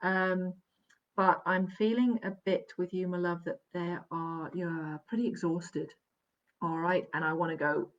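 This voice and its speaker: Warm-toned medium on a live webcam stream: lowish voice, checks in often, muffled sound. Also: female voice, measured pace. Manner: gentle, reassuring, keeps checking in with "all right?" and "okay?"; laughs softly between sentences. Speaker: psychic medium. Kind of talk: live online reading. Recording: dull, lo-fi live stream audio.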